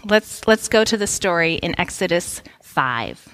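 A woman in her thirties preaching a sermon, opening with a lively personal story and acting out the voices in it. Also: lowish voice, measured pace. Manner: lively storytelling, animated quotes. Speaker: pastor.

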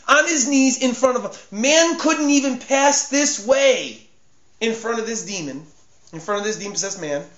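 A man preaching a sermon with passion. He drops to a hush, then builds to a shout, and repeats words for emphasis. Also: sits high, expressive, a little slow. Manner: impassioned, swinging from hushed to shouting. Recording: echoey room, dull lo-fi sound.

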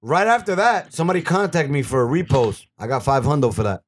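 A man's voice: medium pitch, animated, fast, background noise. A man hosting a casual talk show, joking loosely in crude slang. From Puerto Rican and Dominican heritage. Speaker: podcast host.

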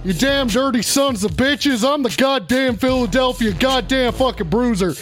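In a persona livestream rant, a man plays a brash wrestler who trash-talks and keeps repeating his insults. His very high-pitched voice moves at normal speed, gruff and shouty with lots of profanity, with faint music in the background.

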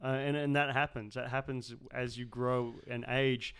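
Man with a smooth, reflective voice. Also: mid-range voice, flat delivery, normal speed, a bit bright. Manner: reflective, hesitant with fillers. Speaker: podcast co-host. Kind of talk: casual chat.

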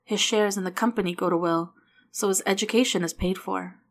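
A woman voicing a grieving widow who speaks softly and haltingly, with small restarts. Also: mid-range voice, steady tone, lightly acted. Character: grieving widow, soft-spoken adult woman.

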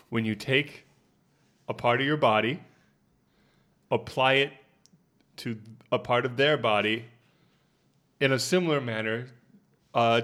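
A man co-hosting a comedic podcast, telling tall tales in a deadpan, joking manner. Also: medium pitch. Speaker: podcast co-host. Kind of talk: casual comedic podcast chat.

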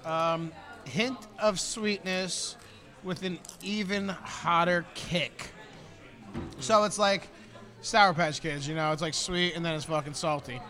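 Male podcast co-host, high bright voice, easygoing and profane. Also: takes it slowly. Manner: loose, profane, reads labels aloud. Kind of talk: casual podcast chat.

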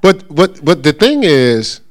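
A middle-aged man teaching a church congregation in a relaxed, conversational way, acting out the voices of churchgoers and checking in with his listeners. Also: on the high side, slow pace. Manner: animated, acts out voices of churchgoers and callers; conversational with frequent check-ins. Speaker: pastor teaching. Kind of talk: informal church teaching talk.

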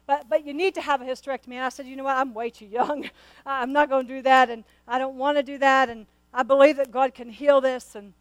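Earnest high-voiced woman pastor preaching. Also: steady tone, fast talker, dry recording, low-quality recording. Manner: earnest and conversational, often repeating and restarting words; speaks to the congregation directly. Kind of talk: sermon with a personal story.

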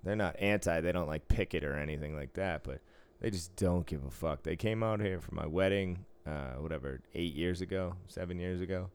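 Deep-voiced laid-back male podcast co-host. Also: a little fast, hardly any pauses, clear, resonant tone. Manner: laid-back, swears freely, laughs often. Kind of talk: casual chat.

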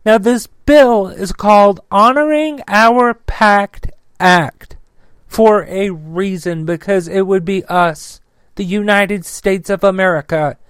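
A man's voice: high voice, takes it slowly, clean tone, no room sound. Furious, profane male commentator. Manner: angry, profane, loud; filler-heavy. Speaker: political commentary host. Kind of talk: ranting political commentary.

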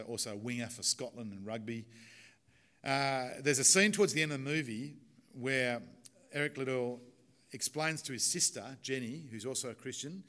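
A man preaching a chatty sermon in a casual, talkative manner, with fillers, then leading a prayer. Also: mid-range voice. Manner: chatty and warm-hearted, with fillers and small laughs. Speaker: pastor.

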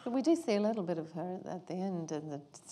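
A woman interviewing a guest, asking short, relaxed questions. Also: lowish voice, fast, a little hiss or hum.

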